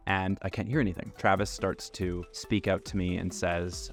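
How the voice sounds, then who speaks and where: A man with a very low, deep voice tells a travel story to camera. He narrates in an animated way and acts out the lines of the people in it. Faint music sits under his voice. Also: normal speed, hardly any pauses. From Canada. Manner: animated, acts out quoted dialogue. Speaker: travel vlogger.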